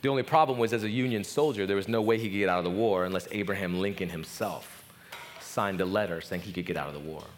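A man preaching a sermon at a family camp, telling a story with passion that swings from hushed to soaring. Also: low voice, fast, in a large hall, slight background noise. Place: speaking at a family camp gathering.

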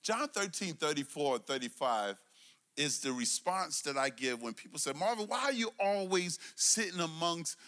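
A middle-aged man from Brooklyn, preaching a sermon with call-and-response, swinging between loud emphasis and low asides. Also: expressive, moderate pace. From Brooklyn, New York. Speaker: pastor.

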